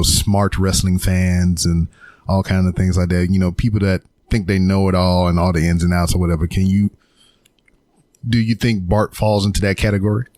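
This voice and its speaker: Laid-back low-voiced male podcast host. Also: a little mellow, no echo. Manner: laid-back, loose, filler-heavy. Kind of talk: casual podcast chat.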